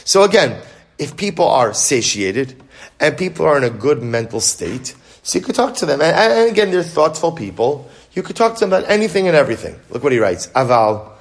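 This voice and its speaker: A man teaching a Torah class in an animated lecture style, asking questions and answering them himself, quick bursts of speech and frequent restarts. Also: on the high side.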